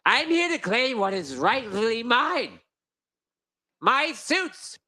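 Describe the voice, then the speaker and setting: A man voicing a pompous male gnome lord who designs suits, talking slowly and self-importantly. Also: extremely high pitch, big pitch swings, sharp tone, pitched above the performer's own voice, full character voice. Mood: proclaiming. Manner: slow, stately and self-important.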